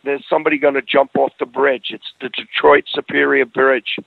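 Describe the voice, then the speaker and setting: A man's voice: medium pitch, flat delivery, normal speed, creaky, no room sound, narrow, tinny audio. A middle-aged man telling a personal story in casual conversation, earnest, often restarting his phrases.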